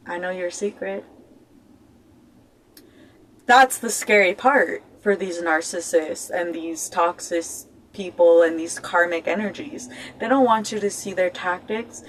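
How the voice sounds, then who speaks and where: A woman's voice: medium pitch, moderate pace, slight background noise, rough recording. A woman giving casual self-help advice to her viewers. She is blunt, swears freely, laughs often, and keeps checking in with "okay?". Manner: laughs often and jokes between points; talks straight to viewers as "y'all". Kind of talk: casual motivational talk.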